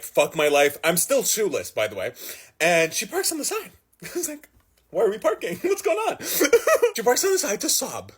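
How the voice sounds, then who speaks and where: A young man with a slightly husky voice tells a personal story at a quick clip. His pitch is high and swings widely, and his delivery is dramatic and animated. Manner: animated, dramatic storytelling with frequent laughs and swearing. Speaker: vlogger telling a personal story. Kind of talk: casual storytime.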